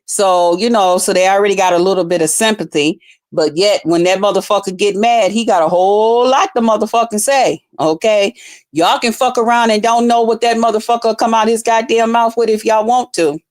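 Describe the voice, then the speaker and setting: A woman vlogger giving casual, heavily profane commentary, bursting into loud excited outbursts. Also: medium pitch, brisk. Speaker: vlogger reviewing a livestream contest.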